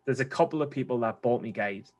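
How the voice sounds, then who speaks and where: A man's voice: mid-range voice, fast, a little mellow. A man with a Geordie accent from England, talking through his trading habits in a loose, rambling way during a coaching conversation. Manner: rambling, restarts often, slangy. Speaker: trader being coached.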